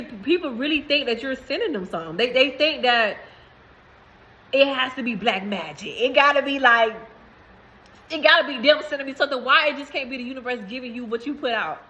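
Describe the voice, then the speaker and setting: A woman's voice: high voice, brisk, sharp tone, rough recording. A woman vlogging to camera in a casual, rambling way, repeating herself and laughing between phrases. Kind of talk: casual spiritual talk to camera.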